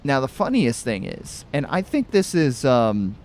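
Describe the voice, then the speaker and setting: A man's voice: medium pitch, very animated, unhurried, a little hiss or hum. A man from Connecticut talking casually while playing a video game, rambling with frequent restarts and fillers. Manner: rambling, chatty, many restarts. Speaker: gaming streamer. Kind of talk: casual let's-play commentary.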